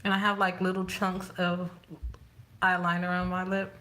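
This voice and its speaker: A woman vlogger chatting casually to herself as she does her makeup, rambling and thinking out loud. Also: lowish voice, monotone, normal speed. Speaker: beauty vlogger. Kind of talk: casual chat while doing makeup.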